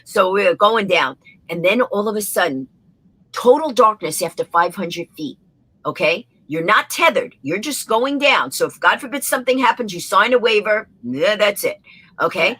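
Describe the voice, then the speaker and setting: Husky-voiced New York woman, brisk storyteller guest, dry close sound. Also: medium pitch, expressive, bright, forceful tone, dry recording, poor audio. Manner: rapid, acts out every voice in her stories. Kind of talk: animated anecdotal storytelling.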